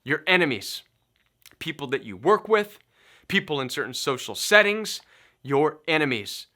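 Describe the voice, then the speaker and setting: A middle-aged man talks listeners through a self-help lesson in a bright, forceful voice that sits a little high. He is emphatic and preachy, hammering his points with repetition. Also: very animated, moderate pace. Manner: emphatic, preachy, repeats key phrases. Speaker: recovery coach. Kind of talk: motivational self-help talk.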